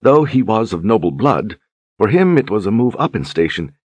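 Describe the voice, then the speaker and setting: A man voicing a soft-spoken, demure young noblewoman duchess in an audiobook, courteous and flattering. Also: on the low side, normal speed, no echo, pitched above the performer's own voice. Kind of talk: audiobook character reading.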